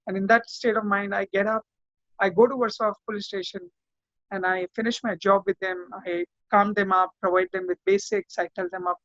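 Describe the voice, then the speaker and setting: A man's voice: high-pitched, little pitch movement, a little fast, fairly bright tone, no echo. A man, a lawyer telling his story in an interview in an impassioned, repetitive way. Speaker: lawyer and activist guest. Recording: dull, lo-fi sound.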